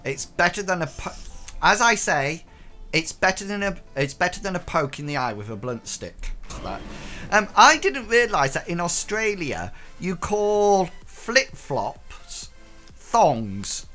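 Male streamer, fairly high, bouncy voice, jokey and self-mocking. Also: sing-song, slow, sharp tone, faint music behind. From United Kingdom. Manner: playful, self-mocking, chatty. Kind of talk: casual game stream chat.

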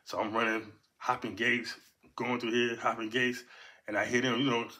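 A man in his fifties from Los Angeles tells a story casually, animated and profane, and punctuates his beats with sound words. His voice is bright and forceful, and his pitch sits in the middle. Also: normal speed.

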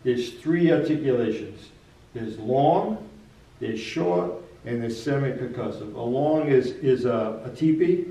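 A man's voice: medium pitch, measured pace, warm tone. A man, a saxophonist, explaining jazz articulation in casual chat, often repeating words as he goes. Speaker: saxophonist and teacher. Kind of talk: casual music lesson chat. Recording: roomy, distant from the mic.

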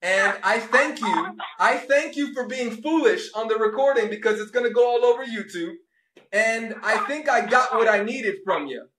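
Man, preachy rant, taunting, sarcastic, high bright voice, echoey room. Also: lively intonation, normal speed, a little hiss or hum. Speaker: religious video host.

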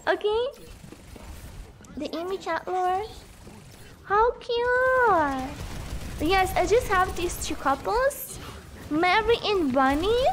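A woman with a very high, lively voice chats casually and slowly with her live-stream viewers, giggling often. She pokes fun at herself and sounds a little worn from talking. Faint music plays behind her. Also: a little hiss or hum. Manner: giggly, self-deprecating, laughs often. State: losing her voice.

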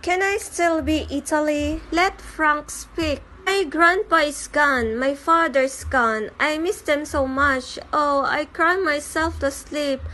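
High-voiced woman dubbing every comic character. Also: sharp tone. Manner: switches between many comic characters in quick bits of dialogue. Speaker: fan comic dubber. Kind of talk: fan dub of comics, voicing every character.

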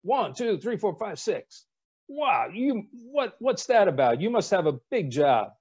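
A man putting on the voice of a gruff, sarcastic elderly navy admiral, needling and abrupt, in a strained accent. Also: high voice, very animated, unhurried, darkish tone, dull audio, pitched above the performer's own voice, heavily acted. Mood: mocking.

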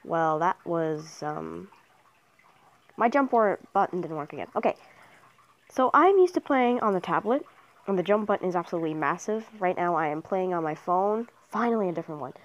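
A young woman narrates her mobile game in an excitable, casual way, cheering herself on and teasing the other players. Her voice sits a little low, and the recording sounds dull and lo-fi, as if it came from a phone mic. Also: normal speed. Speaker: gamer commentator. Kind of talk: casual gameplay commentary.

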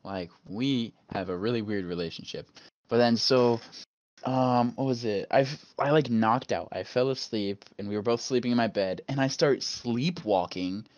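Young man, podcast host, casual storytelling, crude and rambling, swears freely, middling pitch, dry close sound. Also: normal speed, darkish tone, dry recording, muffled recording.

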